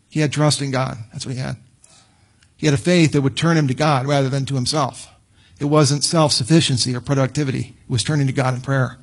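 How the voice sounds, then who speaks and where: A man's voice: a little high, slightly rough. A middle-aged man preaching a conversational sermon, sometimes acting out pleading prayers. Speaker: pastor.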